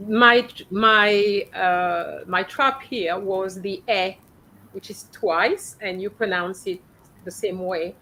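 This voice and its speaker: A woman's voice: medium pitch, a bit bright, poor audio. A woman coaching her students through reading aloud in French, speaking in a patient, corrective way and ending points with "okay?". Her voice sits mid-height for a woman, and faint noise hums underneath. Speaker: French teacher.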